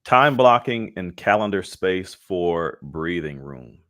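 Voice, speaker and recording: A man's voice: low voice, expressive, slow pace, a bit bright. A man co-hosting a casual leadership webinar, playful and jokey, mixing slang asides with talk of faith. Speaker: co-host and leadership coach.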